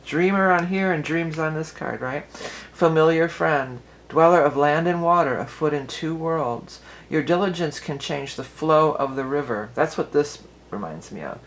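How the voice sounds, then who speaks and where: A woman's voice: deep voice, lively intonation, normal speed, slight background noise, low-quality recording. A woman giving a casual tarot and astrology reading for her viewers, chatty and rambling, often restarting her sentences and laughing easily.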